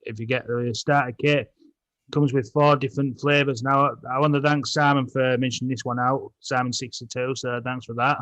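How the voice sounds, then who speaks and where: A man's voice: medium pitch, level tone, normal speed, fairly bright tone, dry recording. A man co-hosting a podcast, reading out a list of deals and stumbling over product names. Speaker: podcast co-host.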